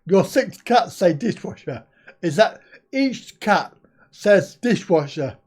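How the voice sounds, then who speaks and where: A man's voice: high-pitched, lively intonation, slow, darkish tone, slightly rough. An older man hosting a live stream, chatting casually, reading out viewer comments, swearing lightly and laughing often.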